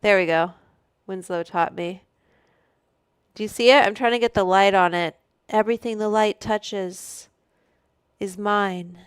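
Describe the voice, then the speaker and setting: Speaking slowly in a smooth, steady, mid-range voice, a livestream host chats casually from a room at home. She rambles, reads out viewer names and swears freely into a studio microphone, and the recording is dry.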